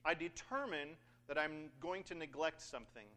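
A man's voice: a little high, moderate pace, pushed and bright. A man preaching a sermon in a conversational, joking way, acting out scripture passages. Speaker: pastor.

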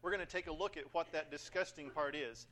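A man's voice: a little high, brisk, pushed and bright. A man preaching a sermon in a conversational, joking way, acting out scripture passages. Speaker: pastor.

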